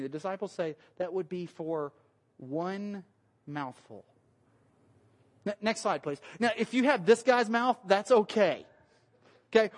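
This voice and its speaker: A man, a pastor giving a relaxed, conversational sermon in church, cracking jokes. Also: sits high. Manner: conversational, joking, acts out quoted voices. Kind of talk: casual sermon with slides.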